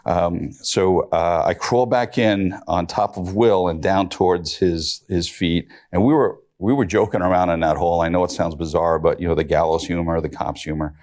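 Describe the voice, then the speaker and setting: A middle-aged man with a very deep, low voice tells a rescue story on a discussion panel. He is matter-of-fact and plain, with dry humor. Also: normal speed, hardly any pauses, a little mellow. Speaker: rescue police officer, panelist.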